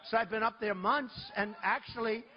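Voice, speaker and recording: A presidential candidate speaking at a campaign rally, telling rambling, boastful stories in a conversational way. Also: male voice, sits high, moderate pace, highs cut off. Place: large rally venue.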